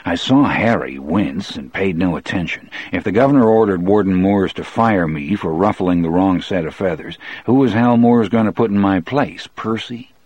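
A man narrating a novel in the first person as an audiobook, in a measured, deliberate way. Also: sits low, expressive, darkish tone, husky, no echo.

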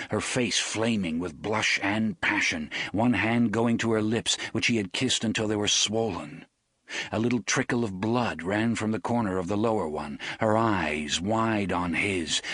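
A man reading a novel aloud in measured, intimate audiobook narration. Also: lowish voice, a bit bright, breathy edge, no echo, clean studio sound.

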